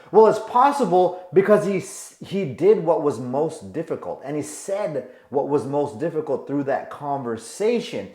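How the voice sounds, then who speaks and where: Guy coach talking through a client story, kinda high voice, echoey room. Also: darkish tone. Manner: emphatic, rhetorical questions. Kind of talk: advice monologue. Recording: roomy echo.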